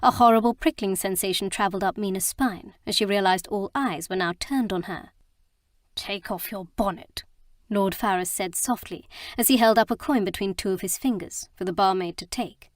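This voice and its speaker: A woman narrating a romance audiobook with a steady storytelling delivery. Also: mid-range voice, a little fast, hardly any pauses, no room sound, clean studio sound.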